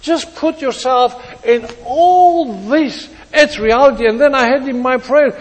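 Slow high-voiced preacher in a reverberant hall. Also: male voice. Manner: dramatic voicing of quoted speakers, repetitions. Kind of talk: sermon. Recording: long reverb of a large hall.

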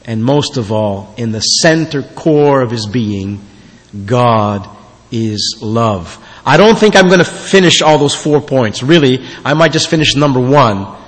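A man's voice: mid-range voice, animated, measured pace. A middle-aged man preaches as a guest, telling stories with fillers and praying earnestly. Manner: warm storytelling with fillers, turning quiet and earnest in prayer. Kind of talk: sermon. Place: church sanctuary. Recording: long reverb in a church hall.

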